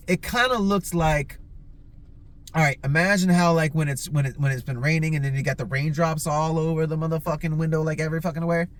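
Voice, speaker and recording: A man with a slightly higher voice telling casual stories as a podcast host. He rambles, swears constantly and stuffs his sentences with "like". When he quotes himself, his voice jumps up in pitch. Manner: rambling and heavily profane, lots of filler "like". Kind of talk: casual storytelling.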